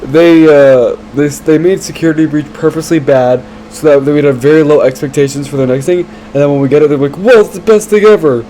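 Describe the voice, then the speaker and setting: Playful male podcast co-host, somewhat high voice, light noise behind. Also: steady tone, a little fast, hardly any pauses, warm tone, low-quality recording. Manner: playful, teasing, laughs through his words. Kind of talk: casual chat.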